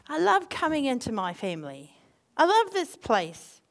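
Lively high-voiced woman preaching. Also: measured pace. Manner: animated, acts out quotes in voices, laughs. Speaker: speaker. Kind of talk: informal sermon with storytelling.

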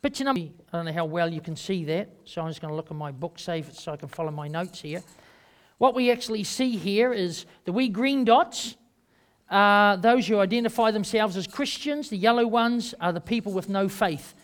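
A man with a New Zealand accent preaching a sermon, rambling and emphatic, swinging between loud and quiet. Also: high voice, expressive, normal speed. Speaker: pastor.

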